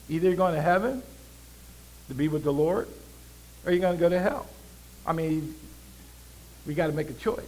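A man preaching a sermon, calling out to the congregation, swinging between loud proclaiming and low, conversational asides. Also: moderate pace, long pauses, poor audio. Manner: preaching with call-and-response and frequent hallelujahs. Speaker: pastor.

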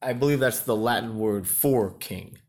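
A man's voice: medium pitch, normal speed, a little mellow. A father chatting with his child, asking playful questions and teasing. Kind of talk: casual chat with his child.

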